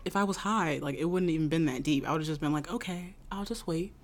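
A woman's voice: deep voice, fast. A woman in casual chat, telling a story with lots of swearing and laughter.

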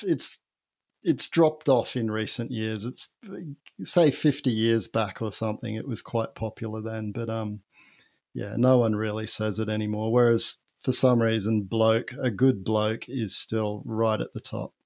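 A man's voice: on the low side, a little slow. Laid-back Australian man, joking. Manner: relaxed, laughs often, jokey. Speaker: podcast guest. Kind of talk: casual chat.

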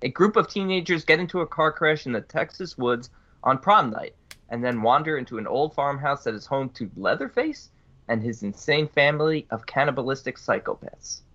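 A man's voice: medium pitch, animated, moderate pace, sharp tone. Guy on a podcast, voice jumps all over, kinda muffled lo-fi mic. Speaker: podcast co-host. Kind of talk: casual movie chat. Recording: dull lo-fi audio.

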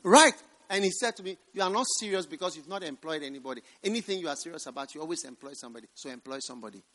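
A male pastor preaching at a revival service, his voice high and bright. It rises and falls widely, and he stretches scripture lines out slowly before dropping to a near hush. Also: lively intonation. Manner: swings from loud preaching to hushed, slow quotes. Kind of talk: revival sermon.

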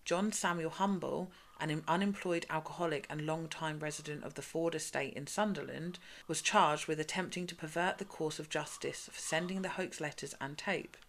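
A woman hosting a podcast, reading crime case notes in a brisk, matter-of-fact way between casual chat. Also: sits low. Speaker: podcast host.

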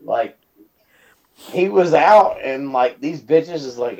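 A man's voice: mid-range voice, slow, pauses often, a little mellow, highs cut off. A man hosting a podcast in casual chat, tipsy and ranting in an exasperated, profane way. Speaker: podcast host. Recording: noisy home recording.

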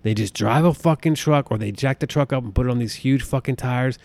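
Profane rambling podcast host, dry sound. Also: male voice, mid-range voice, a little fast, a little mellow, no echo. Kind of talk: casual ranting monologue.

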